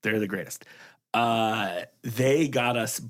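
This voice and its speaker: A young adult man hosting a comedy podcast, telling stories with animated, mock-outraged jokes. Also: lowish voice, slow. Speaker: podcast host.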